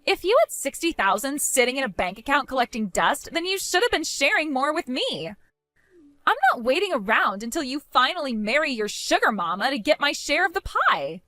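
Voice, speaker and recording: A woman's voice: sits high, very animated, fairly quick, pushed and bright, no echo, full character voice. A woman voicing a greedy, entitled young sister-in-law with a whiny, sing-song, demanding manner in a voiced story drama. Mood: defiant.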